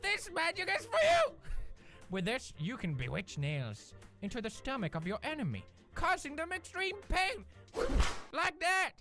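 A man putting on a loud, excitable young Irish man's voice, with over-the-top shouted greetings. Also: extremely high pitch, measured pace, faint music behind, voice pushed up, full character voice. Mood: mocking. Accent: put-on Irish.

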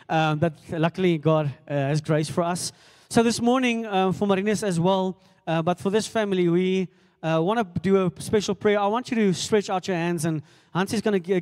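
A South African man with a high yet darkish-toned voice leads the welcome and announcements at a service in a church hall. He hesitates often, fills gaps with filler words, and jokes about himself. His voice echoes with the hall's long reverb.

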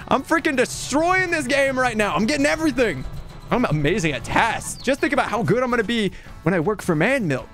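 A man's voice: high-pitched, a bit bright. A young man from Canada giving playful, dramatic comedic commentary while playing a video game. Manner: playful, dramatic, jokey with frequent laughs. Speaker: gaming YouTuber.

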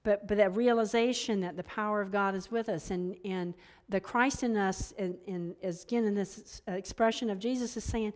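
A woman's voice: mid-range voice, steady tone, normal speed, hardly any pauses, a little mellow. A woman minister preaching a conversational sermon, full of playful asides and laughing at her own jokes.

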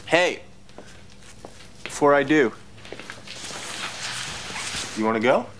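A man's voice: medium pitch, lively intonation, takes it slowly, noisy background. An actor playing a playful, laid-back man who teases a coworker. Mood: teasing.

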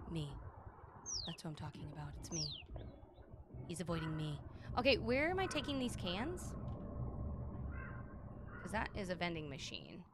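A woman live-streaming a game, chatting with viewers and playfully yelling at game characters. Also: fairly low pitch, very animated, measured pace, pauses often, noisy background.

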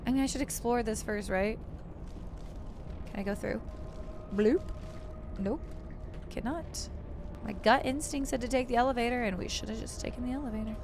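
Speaking at normal speed with long pauses, a young female gaming streamer with a highish voice offers playful let's play commentary. Her reactions are theatrical outbursts and mock grief, with background noise including game music and gunfire.

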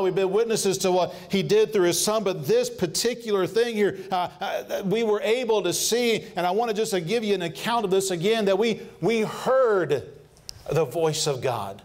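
High-voiced earnest preaching man. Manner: earnest preaching, frequent "uh" fillers and restarts; dwells slowly on scripture quotes. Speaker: pastor. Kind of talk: sermon.

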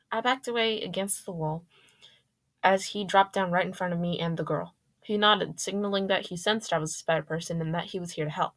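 Woman reading a fanfic out loud, kinda low voice, gets loud and high on the exclaimy bits. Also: a little fast. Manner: lively reading that jumps up on exclamations. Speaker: fan fiction reader. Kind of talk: reading a first-person story aloud.

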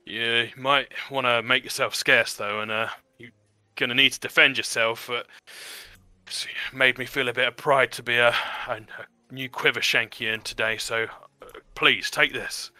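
A man's voice: medium pitch, steady tone, pushed and bright, no echo. A man voicing a hesitant, worried townsman. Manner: hesitant, halting. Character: worried male townsman, grateful and cautious.

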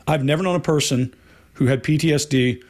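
A man's voice: fairly high pitch, brisk. A man commenting on a panel, blunt and emphatic, repeating his key points.

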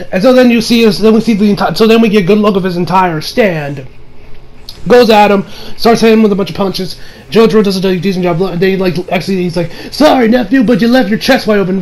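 High-voiced man rambling through a review. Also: darkish tone. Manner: rambling, profane, full of fillers. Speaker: anime reviewer. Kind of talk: casual episode review.

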